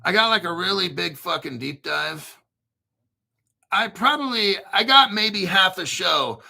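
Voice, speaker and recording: A man's voice: sits high, expressive, measured pace, creaky, pushed and bright. A man hosting a crypto livestream, talking in a blunt, profane, rambling way and reading viewer chat aloud. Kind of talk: casual livestream commentary.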